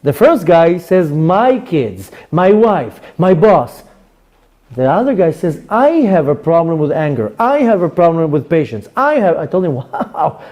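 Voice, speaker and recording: A man with an Israeli accent preaches in a mellow, fairly high voice that rises and falls a great deal. He acts out the people he quotes, slipping in and out of their voices as he teaches. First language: Hebrew. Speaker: rabbi. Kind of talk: Torah class sermon.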